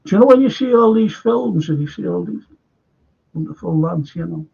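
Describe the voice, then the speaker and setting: A man's voice: high voice, animated, normal speed, gravelly, a little mellow, husky, muffled recording. A man with a Scouse accent hosting a live stream, chatting casually in a rambling, stop-start way and reading out viewer comments.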